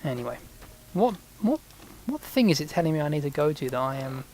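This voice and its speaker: Man, game commentary, slightly high voice, sarcastic muttering, faint background noise. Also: very fast, darkish tone. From Britain. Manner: rambling, sarcastic, mutters to himself. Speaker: gameplay commentator.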